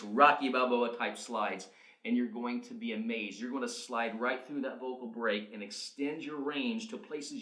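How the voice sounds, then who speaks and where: Male vocal coach, mid-pitched, upbeat instructor, echoey room. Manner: energetic, coaching. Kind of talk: instructional video demonstration. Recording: roomy echo.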